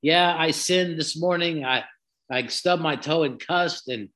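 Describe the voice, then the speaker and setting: An earnest man talks through a devotional teaching on his podcast. He takes his time, unhurried and reflective, with folksy asides. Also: on the high side, bright, forceful tone. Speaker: Christian podcast host.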